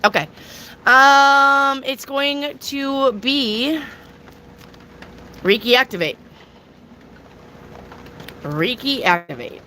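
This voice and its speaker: A woman with a bright, clear voice reads tarot cards live for her viewers. She talks slowly and chattily, tossing in jokes and the odd crude aside. A faint hum of ambient noise sits behind her. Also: sits high. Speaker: tarot reader. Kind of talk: casual live tarot reading.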